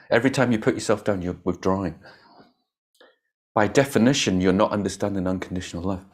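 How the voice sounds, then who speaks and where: Animated, laughing meditation teacher. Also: male voice, sits low, quick pace. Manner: laughs often, animated and emphatic, swears casually. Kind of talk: Buddhist dharma talk.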